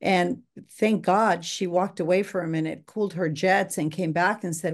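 Lower-voiced woman hosting an interview. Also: fairly even intonation, moderate pace, few pauses. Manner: supportive, adds her own view. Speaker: podcast host. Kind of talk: interview conversation.

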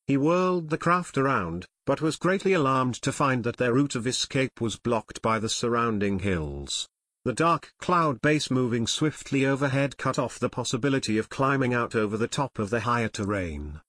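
A man narrating a children's mystery audiobook in measured storytelling. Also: medium pitch, expressive, a bit bright, no echo. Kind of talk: scripted narration.

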